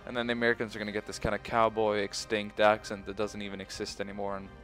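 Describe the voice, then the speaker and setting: A man's voice: fairly low pitch, completely flat delivery, quick pace, a bit bright, soft background music. A young man commentating his own strategy game playthrough, rambling and swearing often. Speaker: let's play host. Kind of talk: gaming commentary.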